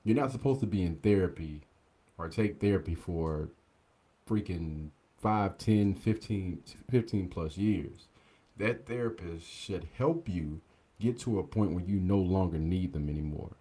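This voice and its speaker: Deep-voiced man giving casual commentary. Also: a little slow, breathy edge. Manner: relaxed, conversational, filler-heavy. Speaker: podcast co-host.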